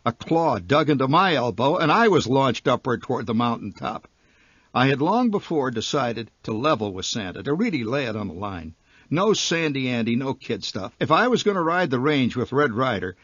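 A man's voice: medium pitch, big pitch swings, normal speed, fairly bright tone, breathy edge, dry recording, highs cut off. A man reading his own humorous short story aloud, wry and vivid in his comic storytelling.

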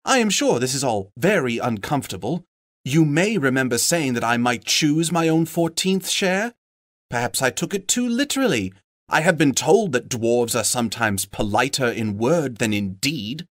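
A man's voice: sing-song, moderate pace, no echo, clean studio sound, close to an everyday voice. A man voicing a small, fussy and polite male hobbit in a raised, fluttery voice. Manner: fussy, polite, higher-pitched. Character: small frightened but plucky male hobbit.

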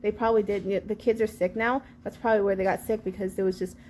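A woman in her thirties, a vlogger telling a sassy, animated storytime about an outing with her kids. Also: medium pitch, fast talker, slight background noise. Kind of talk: storytime vlog.

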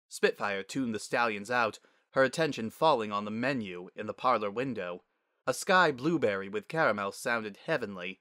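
Bright-toned male storybook narrator. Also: on the low side, expressive, moderate pace, no room sound, clean studio sound. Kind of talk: dramatic audiobook reading.

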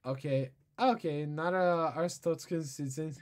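A man's voice: a little high, animated, slow. Laid-back man chatting over gameplay. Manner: laughs often, swears casually. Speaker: gamer. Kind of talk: casual gameplay commentary.

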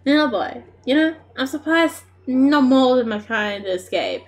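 Chatty Australian woman streamer, bright-pitched. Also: unhurried. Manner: chatty, animated, laughs often, talks to the game characters. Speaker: game streamer. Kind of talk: casual live-stream gameplay commentary.

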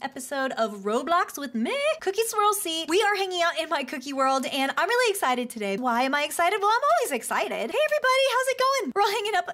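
A young woman hosting a gaming video, excitable and gushing as she plays. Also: high voice, quick pace, few pauses. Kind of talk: gaming commentary. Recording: game music behind voice.

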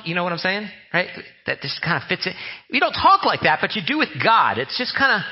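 Speaking fast and with lots of animation, this pastor has a voice on the high side, captured in dull audio. His sermon in the church sanctuary is joking and conversational, and he keeps mimicking people's prayer voices.

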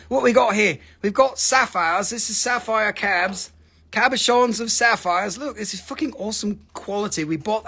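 A middle-aged man with a Southern American accent, hosting a live rock sale in an excitable, rambling, foul-mouthed way. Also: sits high, vocal fry, husky. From Southern United States. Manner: excitable, rambling, swears a lot. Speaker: host selling rocks. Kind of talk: live sales stream chat.

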